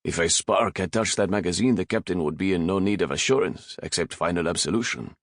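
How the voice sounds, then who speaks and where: A young nobleman with an acid, wry humor, calm and sly amid chaos, as a man voices him. Read in a storybook with a close, dry sound. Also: sits low, a little fast, no room sound. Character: wry young nobleman, captain's loyal friend.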